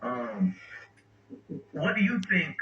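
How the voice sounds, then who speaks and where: A man's voice: on the high side, wildly swooping pitch, takes it slowly, fairly bright tone, faint music behind. A man interviewing a guest, asking a hesitant question full of ums. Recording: dull, echoey, distant sound.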